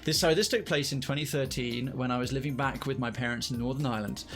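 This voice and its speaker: A man's voice: mid-range voice, quick pace, fairly bright tone. Chatty male streamer with faint music. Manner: chatty, rambling, self-correcting. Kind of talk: live story reading and chat.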